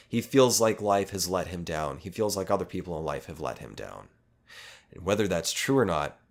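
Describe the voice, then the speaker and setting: A man hosting a podcast, telling a long story in a rambling, casual way with lots of swearing and self-aware asides. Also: deep voice. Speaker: podcast host.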